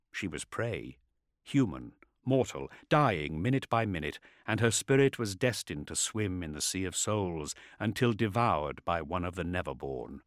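Expressive low-voiced male narrator. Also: dry recording, clean studio sound. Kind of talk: audiobook narration.

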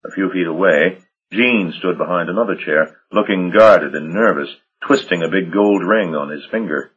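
A man narrating an audiobook in a measured, dramatic storytelling manner. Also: sits low, fairly bright tone, slightly rough. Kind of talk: scripted narration. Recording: dull lo-fi audio.

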